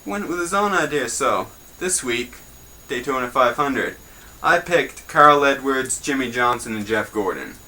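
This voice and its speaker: Young male host, bright tone, offhand crude jokes, casual mock newscast. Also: mid-range voice, expressive, measured pace, hardly any pauses, low-quality recording. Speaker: host of a homemade news show.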